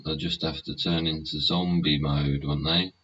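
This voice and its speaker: A man hosts a live solo show from home, rambling, swearing heavily, and tacking tag questions onto his points. His voice rumbles low with flat delivery at a moderate pace and a fairly bright tone, on a muffled lo-fi recording with faint hiss.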